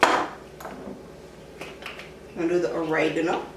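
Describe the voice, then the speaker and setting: Chatty young woman talking viewers through a home recipe, filler-heavy and relaxed, heard from across an echoey kitchen with background noise. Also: low-pitched, a little slow, far from the mic. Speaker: cooking vlogger. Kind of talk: casual cooking tutorial.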